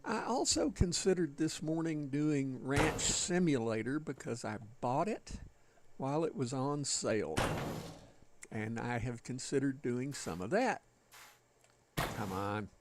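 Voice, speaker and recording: A man's voice: medium pitch, expressive, a little slow, noisy background. A man with a Southern American accent, rambling folksily to his live chat while playing a game. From Southern United States. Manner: folksy, rambling, chatting with viewers. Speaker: game streamer.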